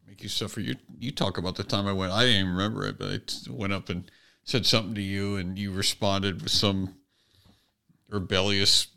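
Older guy with a gravelly voice making dry little jokes on a podcast. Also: on the low side, steady tone, brisk, pushed and bright. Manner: dry joking asides. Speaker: podcast co-host and father. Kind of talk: casual chat.

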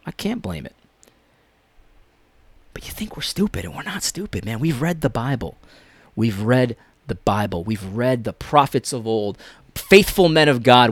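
A man giving impassioned commentary, preachy and repetitive, swinging between loud emphasis and near-whispered lines. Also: mid-range voice, no room sound.

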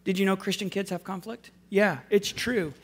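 A man's voice: sits high, fairly even intonation, normal speed, breathy edge. Earnest man preaching a sermon. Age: adult with school-age children. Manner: earnest, conversational, with wry self-deprecating asides. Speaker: pastor.

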